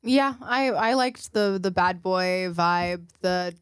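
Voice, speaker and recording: A woman in casual podcast chat, explaining her views in a thoughtful, measured way. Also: lowish voice, clear, resonant tone, no room sound, studio quality.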